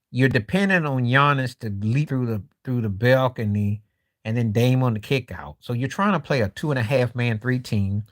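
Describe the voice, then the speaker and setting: A man's voice: medium pitch, normal speed. Blunt skeptical man streaming on a phone. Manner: blunt, skeptical, rhetorical questions, frequent throat clearing. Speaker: live stream host. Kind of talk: casual basketball opinion talk. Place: walking while streaming.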